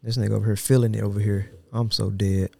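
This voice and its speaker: A man's voice: on the low side, fast, gravelly, dry recording. Brief: male podcast co-host, playful, slangy banter, dry close-mic sound. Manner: joking, animated, slangy. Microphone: studio podcast mic.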